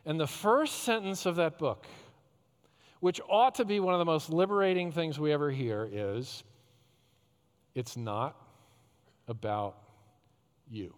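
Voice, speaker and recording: A man's voice: fairly high pitch, expressive, normal speed, clear, resonant tone. Emphatic preacher man in echoing hall. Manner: emphatic preacher, swinging between loud rhetorical questions and hushed tender phrases. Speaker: pastor. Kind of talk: sermon. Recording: long hall reverb.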